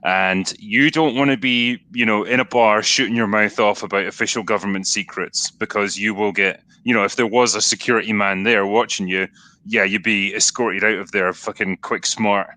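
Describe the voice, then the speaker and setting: A man's voice: fairly low pitch, steady tone, moderate pace, sharp tone, dry recording. A man with a Scottish accent, co-hosting a casual chat, laughing often and swearing freely. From Scotland. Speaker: podcast co-host.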